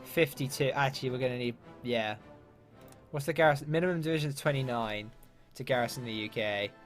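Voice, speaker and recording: A man's voice: medium pitch, fairly quick. A man from England commenting casually on a strategy game, thinking aloud and muttering asides. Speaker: let's play gamer. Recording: faint game music behind.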